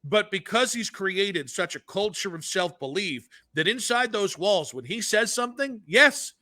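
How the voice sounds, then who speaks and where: A man co-hosting a sports radio show, chatting in an animated way with quick asides. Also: high voice. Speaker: radio co-host.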